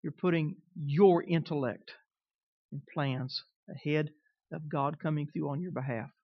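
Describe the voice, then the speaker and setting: A man preaching as a pastor, swinging between loud, emphatic lines and quiet, conversational asides. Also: fairly high pitch, steady tone, measured pace, no echo, dull audio. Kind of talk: sermon.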